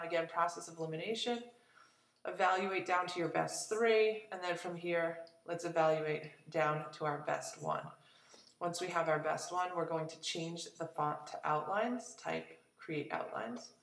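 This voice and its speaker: Woman teacher explaining step by step, lots of ums, lowish gravelly voice, kinda far off. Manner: relaxed, explanatory, with frequent fillers. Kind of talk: classroom lesson walkthrough. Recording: echoey room, voice from a distance.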